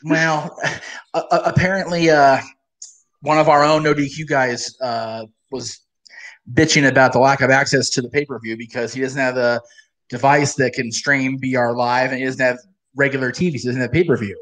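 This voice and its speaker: A man's voice: mid-range voice, steady tone, moderate pace, fairly bright tone. A man hosting a live wrestling watch-along, ranting bluntly with profanity and laughing often. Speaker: host.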